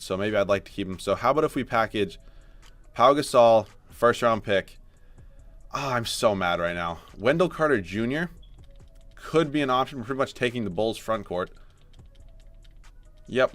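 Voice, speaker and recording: A man's voice: lowish voice, fairly bright tone, no room sound. A young man commenting on his own sports video game, frustrated and self-mocking, then pushing himself to sound upbeat. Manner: frustrated and self-mocking, swinging to forced cheer. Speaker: gaming YouTuber.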